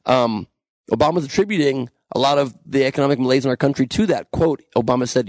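A young man hosts a podcast alone in a small room, talking fast in a mid-range voice with no echo. He reads the news and adds sarcastic, ranting commentary full of swearing.

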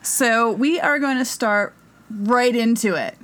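A woman's voice: fairly high pitch, a bit bright. A woman co-hosting a casual comedy podcast, reading an article aloud in a joking way and stumbling over hard words. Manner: reads aloud haltingly, stumbling on words, jokey. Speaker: podcast co-host.

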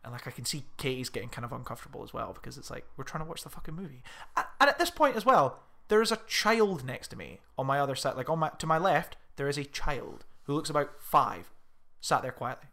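A man co-hosting a podcast, telling an animated, sweary story in casual chat. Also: fast, gravelly. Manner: animated storytelling with sweary rants and shrill mimicry. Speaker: podcast co-host.

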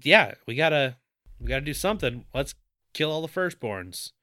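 A man's voice: medium pitch, moderate pace, no echo, studio quality. A man co-hosting a podcast, recapping a movie in casual chat and acting out characters' lines with jokes. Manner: animated, jokey, acts out quoted characters. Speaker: podcast co-host.

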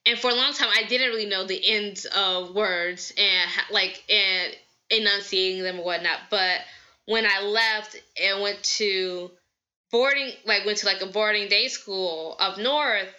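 An energetic, bubbly woman from the American South, hosting a podcast with casual, chatty advice. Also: mid-range voice, a little slow, muffled recording. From Southern United States. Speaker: podcast host.

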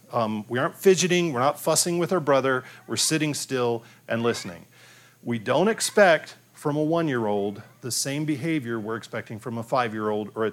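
A man preaching a conversational sermon on raising children, often restarting his sentences and acting out the cries of children. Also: mid-range voice. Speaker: pastor.

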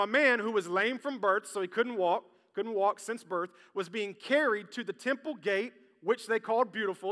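A man preaching a sermon as pastor, lively and joking, talking straight to his congregation. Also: high voice. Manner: lively, jokey, talks straight to the crowd. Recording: long hall reverb.

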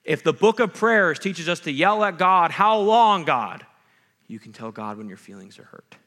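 A campus ministry pastor preaches a sermon in a fairly high, forceful, sing-song voice at a moderate pace. He talks as if chatting with listeners, tossing in "right?" and "okay?", and moves between loud, strong points and quieter asides.

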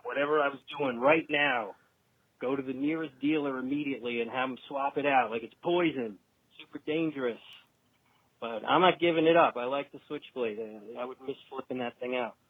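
A man with a New York accent talking through a tinny, narrow phone line. His voice comes across husky and close, with no room around it. He rambles along in a chatty, joking way, like a caller leaving a message for the show. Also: mid-range voice, no room sound.

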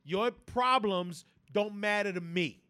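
A man's voice: high-pitched, takes it slowly, sharp tone, clean tone, no room sound. A man on a casual podcast, ranting emphatically with lots of profanity and stammered restarts. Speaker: podcast co-host.

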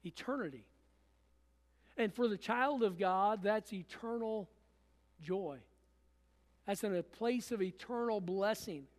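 A man's voice: high voice, slow, long pauses, in a large hall. A man preaching a sermon as pastor, repeating phrases and restarting often. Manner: preaching with repetition and frequent restarts. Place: church.

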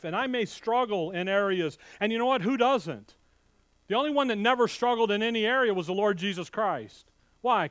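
A pastor whose voice sits high preaches fiery, animated sermons to his congregation, folksy and direct in tone. He shifts between loud outbursts and hushed asides, recorded with no room sound.

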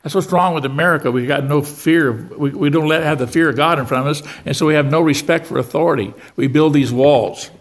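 Older male guest preacher, a little high-pitched, tells stories from the pulpit and works the room for amens. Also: brisk, few pauses. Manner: storytelling preacher who keeps asking the church for amens. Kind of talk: sermon. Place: church.

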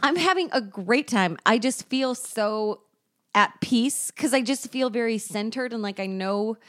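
A woman's voice: a little high, measured pace, fairly bright tone, no room sound, clean studio sound. A woman co-hosting a podcast in casual chat, talkative and self-deprecating, laughing often as she tells stories. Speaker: podcast co-host.

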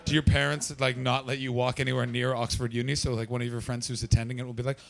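Gravelly comic, brash and profane. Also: male voice, medium pitch, little pitch movement, fast. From Canada. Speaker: stand-up comedian. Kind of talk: stand-up crowd work.

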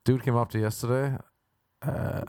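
A man hosting a comedy podcast, rambling through a crude, self-mocking monologue full of quick put-on voices. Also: mid-range voice, flat delivery, a little mellow, no echo, clean studio sound.

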